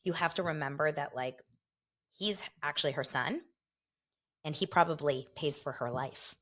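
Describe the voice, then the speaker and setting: A middle-aged woman hosting a casual gossip show, chatty and animated, talking straight to her viewers. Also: low-pitched, moderate pace. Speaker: show host.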